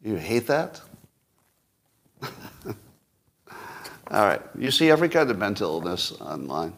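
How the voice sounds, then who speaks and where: A man's voice: on the low side, very animated, unhurried, fairly bright tone. A man in his sixties hosting a solo commentary show, rambling and self-mocking with frequent chuckles. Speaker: podcast host.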